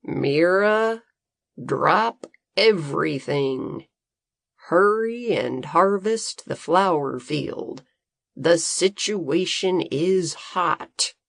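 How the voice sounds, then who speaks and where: A woman voicing a wiry, self-assured male farmer in a storybook reading, speaking calmly and slowly. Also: on the low side, vocal fry, dry recording, clean studio sound, heavily acted. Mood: steady.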